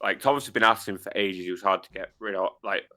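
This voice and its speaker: Bright-voiced young man telling stories. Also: lowish voice, quick pace. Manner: animated storytelling, frequent agreement and swearing. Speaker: podcast co-host. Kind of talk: casual chat.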